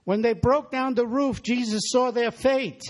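A man's voice: very high voice, steady tone, a little slow. A man preaching a sermon in a church, exhorting the congregation and calling for their responses.

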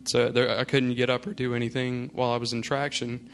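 A man's voice: medium pitch, little pitch movement, a little fast. A male pastor telling a personal story in a casual, rambling way before turning to his sermon. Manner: casual storytelling, many fillers.

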